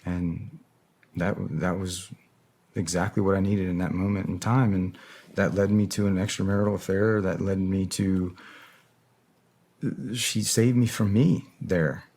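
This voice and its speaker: Low-voiced man speaking candidly. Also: steady tone, measured pace, a little mellow. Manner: reflective, searching for words. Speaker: interview guest, former special operator. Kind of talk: candid long-form interview talk.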